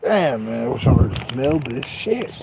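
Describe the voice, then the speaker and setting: A young man livestreaming from outdoors on grass, rambling casually and cursing in frustration, his voice rising loud and dropping to mutters. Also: medium pitch, sing-song, normal speed, creaky, very noisy. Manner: profane, frustrated, swings loud and quiet.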